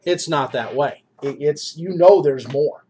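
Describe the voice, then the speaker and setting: A man's voice: a little high, unhurried, a little mellow, a little hiss or hum. A man narrating as game master of a tabletop game, describing scenes to his players.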